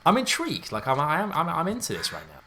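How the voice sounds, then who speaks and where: Excitable guy doing a let's play, bright voice, jumpy and slangy, a little hiss behind him. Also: on the high side, fast talker. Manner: excitable, jumpy, thinking aloud; casual slangy talk, says mate and dude. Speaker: gaming YouTuber.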